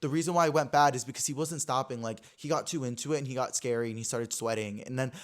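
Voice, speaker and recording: A young man rattles off a story at high speed, mid-pitched and animated. He hosts his own podcast from home. His tone is gossipy and casual, with lots of "like" and plenty of swearing. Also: fast. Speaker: podcast host.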